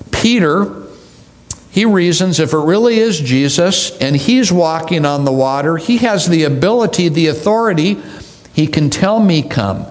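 A man preaches a sermon, reading scripture aloud and expanding on it with deliberate pauses and repetition. His voice is a little high.

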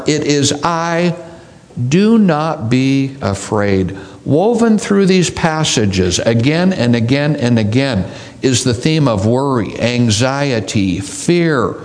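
A man preaching a sermon, reading scripture aloud and expanding on it with deliberate pauses and repetition. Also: fairly high pitch.

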